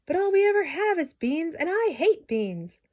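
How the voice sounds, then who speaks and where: A woman voicing a huge, grumpy male giant who hates beans, booming and complaining in a storybook reading. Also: quick pace, darkish tone, muffled recording.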